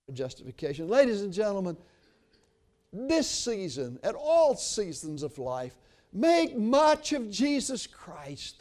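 An older man preaching a sermon, telling a story and then praying, earnest and swinging from hushed to emphatic. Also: sits high.

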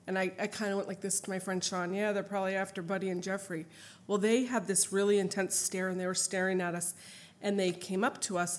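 Speaking at medium pitch, a middle-aged woman tells her family's story as a mother. She reads from her account, then goes off-script for an anecdote delivered earnestly and with emotion.

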